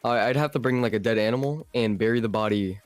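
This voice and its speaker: A man chatting on a podcast with deadpan, dark humor. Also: mid-range voice, quick pace, no echo, faint music behind. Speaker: podcast guest. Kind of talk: casual chat.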